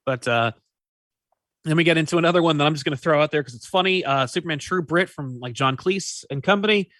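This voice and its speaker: A man co-hosting a casual podcast chat about comics, animated and quick with asides. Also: on the high side, no echo, studio quality. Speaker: podcast co-host.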